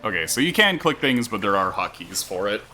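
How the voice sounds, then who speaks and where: A man's voice: on the low side, big pitch swings, brisk, bright, forceful tone, faint music behind. A man streaming a game, chatting casually with wry asides.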